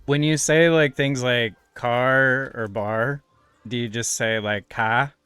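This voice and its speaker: A man's voice: mid-range voice, fairly even intonation, takes it slowly, fairly bright tone, smooth, dry recording, soft background music. A male streamer chatting casually with his live chat, playfully quizzing viewers on how they pronounce words. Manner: playful, teasing questions about pronunciation.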